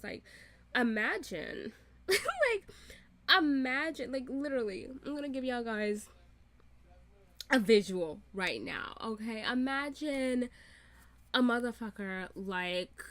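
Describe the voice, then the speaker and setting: A woman's voice: on the high side, fairly bright tone. A woman hosting a reaction video, ranting in an exasperated, profane way with lots of fillers and laughter. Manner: many "like" fillers, restarts and quick rants. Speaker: reaction channel host. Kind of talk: reaction commentary.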